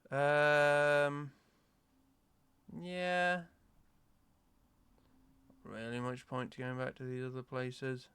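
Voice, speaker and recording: A man giving relaxed, offhand commentary while streaming a game. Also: mid-range voice, drawn-out words, pauses often, smooth, no echo. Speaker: gameplay streamer. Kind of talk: casual gameplay commentary.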